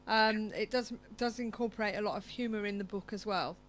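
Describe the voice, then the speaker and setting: A woman's voice: medium pitch, steady tone, brisk, slight background noise. Hesitant woman radio host interviewing. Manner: hesitant, many ums, gently probing. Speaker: talk show host.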